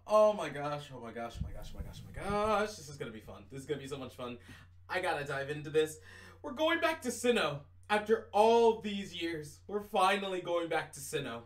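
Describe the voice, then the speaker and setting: Excitable male streamer, very animated, in a roomy space away from the mic. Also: on the high side, moderate pace. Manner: excitable, swings between whispers and shouts. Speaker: gaming streamer. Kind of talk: let's play commentary. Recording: roomy room, distant mic, game music.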